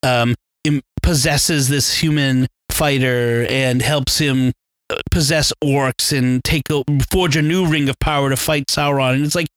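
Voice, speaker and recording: A man's voice: medium pitch, fairly even intonation, unhurried, a bit bright, no echo. A middle-aged man co-hosting a casual podcast chat, wry and laughing often with nerdy enthusiasm. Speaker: podcast co-host.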